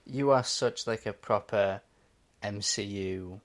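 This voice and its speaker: A man's voice: fairly low pitch, takes it slowly. A man co-hosting a casual podcast chat, teasing his co-host and laughing often.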